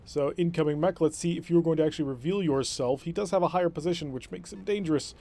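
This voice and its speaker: A man talks through a strategy game session, explaining his tactics and thinking aloud. His voice sits somewhat high for a man. He speaks in a casual commentary style. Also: fast talker, gravelly, dark tone. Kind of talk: let's-play commentary.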